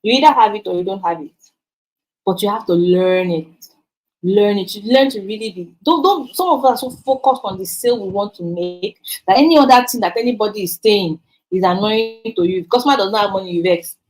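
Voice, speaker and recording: A woman's voice: mid-range voice, a little fast, darkish tone, low-quality recording. A woman with a Nigerian accent teaching a sales training, emphatic and repeating words for stress. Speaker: sales coach.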